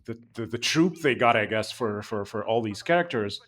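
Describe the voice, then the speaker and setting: A man's voice: lowish voice, lively intonation, normal speed, fairly bright tone. A man co-hosting a game podcast, chatting casually and animatedly, rambling with many restarts. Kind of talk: casual chat, game review discussion.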